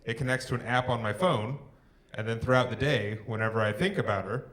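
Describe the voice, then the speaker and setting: A young man doing a live stand-up set on a theatre stage, working the crowd with dry one-liners and pausing for laughs. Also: medium pitch, a bit bright. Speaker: stand-up comedian. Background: crowd laughing and clapping.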